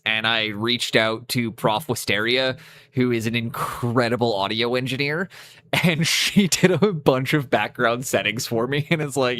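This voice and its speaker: Over a cheap USB microphone on a live stream, a young Canadian-accented man chats in a rambling, self-interrupting way with casual swearing. His mid-range voice is bright and forceful, at a moderate pace.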